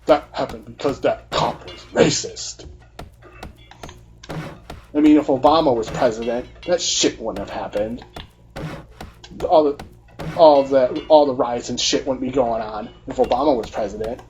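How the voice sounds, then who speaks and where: A man's voice: medium pitch, measured pace, pauses often, a little mellow, dull audio, faint music behind. A man hosting a gaming video, ranting in a heated, profane and repetitive way. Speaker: gaming channel host. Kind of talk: heated rant during gameplay commentary.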